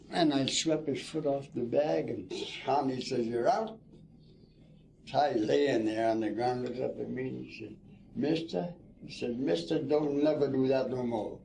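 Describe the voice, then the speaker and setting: A man's voice: mid-range voice, vocal fry, mellow, a little hiss or hum. An older man, a former ball player, telling folksy stories in an interview. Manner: folksy storytelling, "see?" and "you know". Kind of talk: reminiscing interview.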